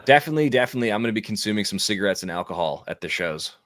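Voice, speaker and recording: A very low-pitched man chatting through a live tennis match, joking and riffing with his co-host. His voice sounds dry and close to the mic, with no room around it. He talks like a relaxed, playful commentator. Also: no room sound. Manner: playful, jokey, quick to riff. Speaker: watchalong co-host. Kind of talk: casual live commentary chat.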